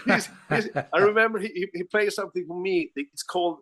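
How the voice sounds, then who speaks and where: Swedish man telling animated stories. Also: high voice, normal speed, breathy edge. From Sweden. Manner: animated anecdotes, frequent restarts, laughs often. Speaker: guest musician. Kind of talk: casual interview storytelling.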